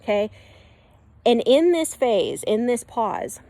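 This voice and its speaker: A woman's voice: a little high, sing-song, slow pace, dark tone, dry recording. A woman who gives spiritual readings, teaching in a casual and emphatic way and checking in often with "okay?" and "right?". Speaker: spiritual reader.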